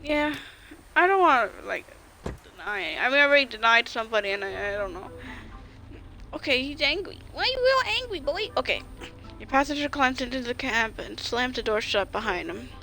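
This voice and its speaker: Woman streamer, game narration with chatty asides, bright voice, soft music behind. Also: on the high side, animated, moderate pace, poor audio. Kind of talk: reading a story game aloud.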